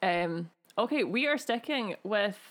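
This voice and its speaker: A woman's voice: medium pitch, lively intonation, unhurried. A woman co-hosting a podcast in casual chat, gushing and laughing often. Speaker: podcast co-host.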